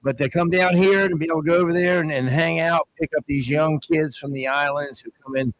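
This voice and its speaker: A man, a baseball coach, chatting in a wry, relaxed way. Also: a little high, brisk, rough recording. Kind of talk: casual chat.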